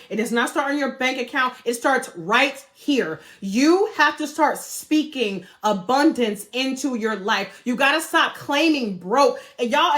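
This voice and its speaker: A woman's voice: on the high side, fairly bright tone. A woman vlogger giving a fired-up motivational talk straight to her viewers, preachy and blunt, swearing freely. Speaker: travel and money vlogger.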